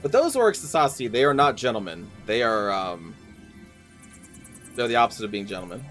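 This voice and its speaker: Brief: young male streamer, jokey commentary, very lively pitch. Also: moderate pace, faint music behind. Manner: playful, jokey asides. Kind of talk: casual gaming commentary.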